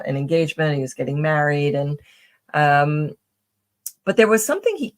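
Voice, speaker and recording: A woman guest on a podcast, telling personal stories in a casual, rambling way with many fillers and restarts. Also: sits low. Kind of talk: casual conversational storytelling.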